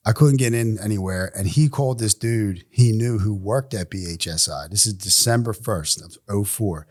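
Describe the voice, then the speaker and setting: A man's voice: lowish voice, moderate pace. Blunt, profane man telling his story. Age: 40s. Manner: acts out other people's lines in quoted voices. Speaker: podcast guest. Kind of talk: candid recovery storytelling.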